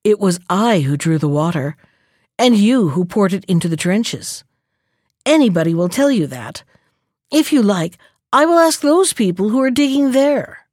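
A woman's voice: high voice, big pitch swings, moderate pace, a little mellow, dry recording, clean studio sound, voice pushed up. Woman plays a crafty storybook jackal: smug and wheedling, then nervous. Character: sly greedy male jackal, boastful then timid.

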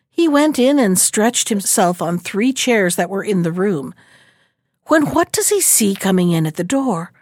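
A woman's voice: fairly high pitch, darkish tone, dry recording. Woman narrating a folk tale, dry sound. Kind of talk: storybook narration.

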